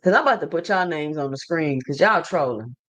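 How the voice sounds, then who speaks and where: A man's voice: a little high, lively intonation, a little fast, a bit bright. A man hosting a boxing livestream, talking casually and slangily straight to his chat and reading out viewer comments.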